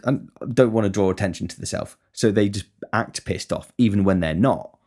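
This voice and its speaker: A man's voice: lowish voice, a little mellow. A man talking casually on his podcast in a rambling monologue, swearing constantly and wryly. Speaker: podcast host.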